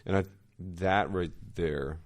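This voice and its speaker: Male co-host, very low bass voice, dry close sound, agreeable backchanneler. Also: no room sound. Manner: agreeable, quick to affirm with short backchannels. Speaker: podcast co-host. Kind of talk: podcast discussion.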